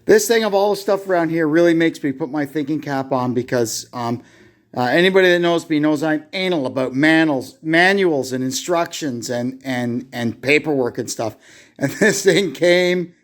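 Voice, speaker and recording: A man with a fairly high voice talks through a brake lathe repair step by step while working in his garage, filmed on a phone propped nearby. It's casual workshop how-to narration, and he thinks aloud, halting with fillers as he goes.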